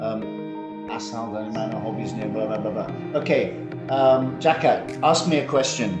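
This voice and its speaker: Loud music plays behind this fifty-something Londoner, whose fairly low, steady voice moves at a moderate pace. He is from England and teaches a school English lesson on a video call, joking warmly and prodding students with questions. The room has an echo.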